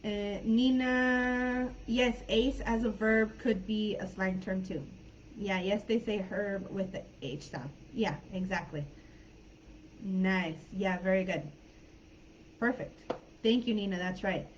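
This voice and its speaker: A woman's voice: medium pitch, slow, lo-fi sound, slight background noise. An American woman teaching English in a live online class, chatty and friendly, calling on students by name over a computer mic. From United States.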